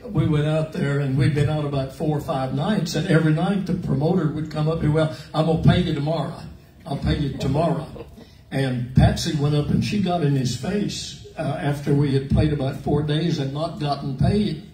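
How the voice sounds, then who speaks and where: An older man with a highish voice, a country singer on an artist panel, tells folksy, relaxed country-music stories to fans in drawling anecdotes. He talks at normal speed with few pauses. The room is echoey, the mic sits at a distance, and there's slight background noise.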